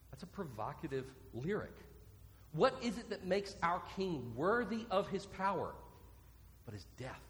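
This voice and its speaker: A man's voice: on the high side, a bit bright. Earnest preacher man in a reverberant hall. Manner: earnest, repeats key points for note-taking. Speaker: pastor. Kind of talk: sermon. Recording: long reverb from a large hall.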